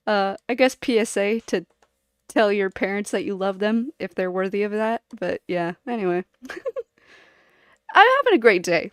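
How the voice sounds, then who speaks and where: A woman's voice: mid-range voice, no room sound, studio quality. A woman streamer chatting casually to her viewers, rambling and giggling as she jumps from one topic to the next.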